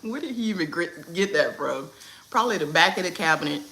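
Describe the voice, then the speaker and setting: Bright-voiced animated woman livestreaming from home. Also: on the low side, fairly quick. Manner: animated, playful, talks to her kids and reads chat names mid-stream. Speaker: livestream host. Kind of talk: casual livestream chat.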